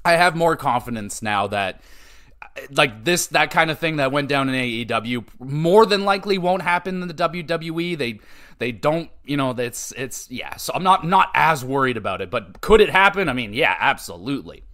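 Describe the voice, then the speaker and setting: A man's voice: medium pitch, lively intonation, moderate pace, sharp tone. A young man hosting a podcast, recapping wrestling in a casual chat with wry, swearing asides. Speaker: podcast host.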